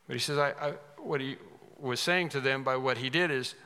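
Man, preacher, sermon, emphatic, bright voice, reverberant church hall. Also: medium pitch, normal speed, smooth. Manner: earnest, emphatic, with restarts and sudden rises.

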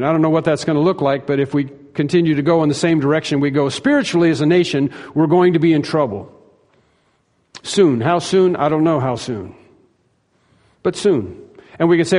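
Pastor, homem, sermão enfático, voz meio aguda, salão reverberante. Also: male voice, a little high, normal speed, long pauses, darkish tone. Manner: emphatic, repeats phrases for stress, acts out quoted lines. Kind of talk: sermon.

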